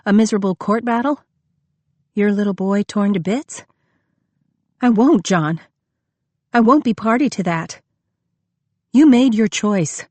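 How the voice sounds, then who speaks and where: A woman's voice: medium pitch, unhurried, dark tone, no room sound, lightly acted. A woman reading the part of a young woman who has been deceived by her lover, speaking emotionally and accusingly. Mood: angry.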